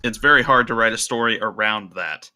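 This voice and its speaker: A man being interviewed on a podcast, explaining his work in a measured, step-by-step way. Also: fairly low pitch, bright, forceful tone. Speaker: podcast guest, role-play video creator. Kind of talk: casual interview chat.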